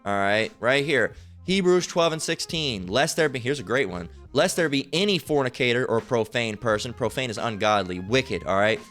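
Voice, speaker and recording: A man giving informal online Bible teaching, rambling and profane, repeatedly asking "all right?" and slowly reading verses aloud. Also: medium pitch, animated, fairly bright tone, soft background music. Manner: reads scripture aloud slowly.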